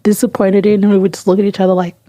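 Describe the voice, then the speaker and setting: A woman's voice: mid-range voice, level tone, racing, warm tone, no room sound. A young woman co-hosting a podcast in casual chat, playful and teasing. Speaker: podcast co-host.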